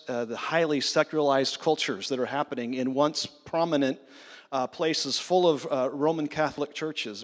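A man, the church's pastor, addressing his congregation in an encouraging way with frequent fillers. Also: medium pitch. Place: church sanctuary. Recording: long church hall reverb.

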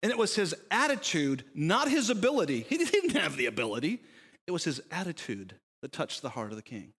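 Animated preacher in a reverberant hall. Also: male voice, on the high side, fairly quick, husky. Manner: animated storytelling, voicing characters in quotes, rhetorical questions. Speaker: pastor. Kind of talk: sermon.

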